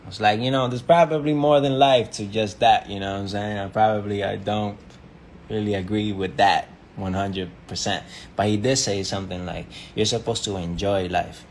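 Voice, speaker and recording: Deep-voiced man rambling on a livestream. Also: fairly even intonation, normal speed, a little hiss or hum. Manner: rambling, loose slangy talk full of fillers. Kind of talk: casual livestream chat.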